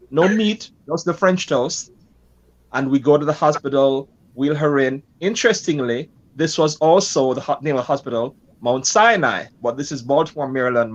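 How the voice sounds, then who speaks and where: A pastor telling a lively, self-deprecating story about his life as a guest in a conversation. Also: on the high side.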